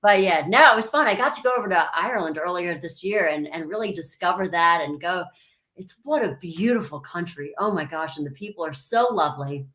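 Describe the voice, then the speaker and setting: Bubbly lady singer chatting on a radio show, bright punchy voice, loves telling stories. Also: lowish voice, expressive, fairly quick, poor audio. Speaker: country singer, interview guest. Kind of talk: casual chat.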